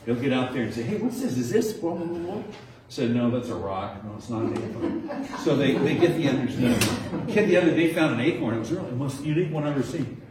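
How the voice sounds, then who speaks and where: A chatty man with a mid-range voice talks quickly, far from the mic, amid crowd noise in an echoey indoor room with a nature diorama. He's a nature center docent training teachers in an informal small-group talk, acting out kids' answers with rising tones.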